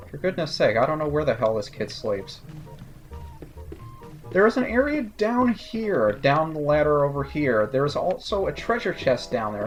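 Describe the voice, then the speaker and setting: A man giving casual, sarcastic commentary over a video game playthrough. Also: fairly high pitch. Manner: sarcastic, joking asides. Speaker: let's play commentator.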